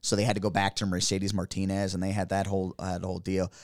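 A man talking casually and rambling through animated opinions as a podcast co-host. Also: low-pitched, fast, no room sound, clean studio sound. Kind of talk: casual wrestling chat.

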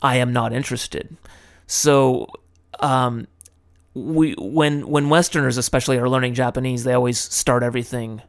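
A man's voice: medium pitch, fairly even intonation, normal speed. A man giving casual, tongue-in-cheek tips in a rambling, irreverent way, full of fillers and the odd swear word. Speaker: vlogger giving language tips.

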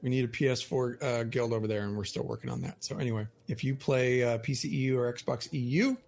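A man's voice: medium pitch, fast talker, a little mellow. A man co-hosting a podcast, chatting casually in a playful, teasing way. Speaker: podcast co-host. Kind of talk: casual chat.

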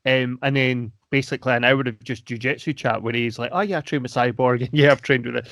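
A man co-hosting a podcast, chatting quickly and laughing easily. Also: mid-range voice, steady tone, fairly bright tone, dry recording, studio quality. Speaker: podcast co-host. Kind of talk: casual chat.

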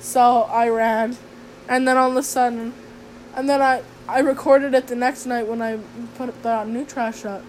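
A woman with a high, bright voice tells a casual storytime vlog. She rambles, swears freely and drips sarcasm. Faint background noise hums under her. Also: fairly even intonation, moderate pace. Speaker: vlogger.

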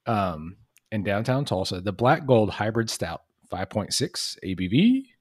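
A man co-hosting a casual beer tasting, talking in a relaxed way with plenty of fillers. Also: lowish voice, a little slow, slightly rough, no echo, studio quality. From Kentucky. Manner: relaxed, filler-heavy talk. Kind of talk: casual chat.

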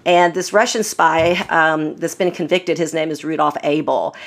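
A middle-aged woman co-hosting a faith podcast, speaking warmly with frequent fillers and laughs. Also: deep voice, normal speed, creaky. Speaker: podcast co-host. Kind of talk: casual faith-based discussion.

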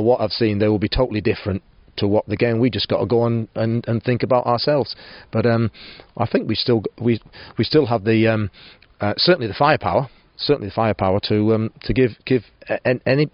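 A man's voice: fairly low pitch, no room sound, lo-fi sound. A man managing a football club, giving a post-match interview, full of restarts and fillers. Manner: hesitant, many restarts and fillers.

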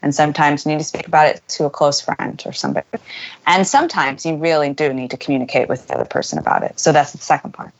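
Low-voiced woman, muffled audio. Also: very animated, quick pace. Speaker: teacher. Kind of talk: casual conversation.

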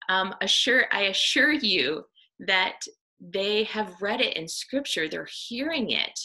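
Slow, gravelly-voiced woman giving a devotional talk. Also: lowish voice, sharp tone, poor audio. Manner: earnest, conversational, frequent ums and tag questions.

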